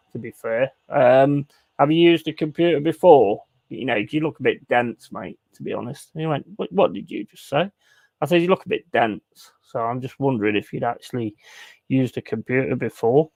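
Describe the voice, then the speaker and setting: A man's voice: medium pitch, no room sound. A man chatting casually on a live stream, swearing freely and telling a long rambling anecdote. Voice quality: swearing, laddish storytelling. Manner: rambling anecdote with repeated asides. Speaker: streamer playing a football management game.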